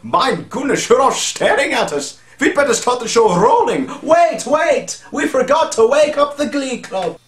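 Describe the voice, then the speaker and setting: A man's voice: very high-pitched, big pitch swings, unhurried, hardly any pauses, roomy sound, pitched above the performer's own voice, full character voice. A man voicing a troupe of theatrical talking parrots, squawky and showy. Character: chattering cartoon parrots with mixed foreign accents.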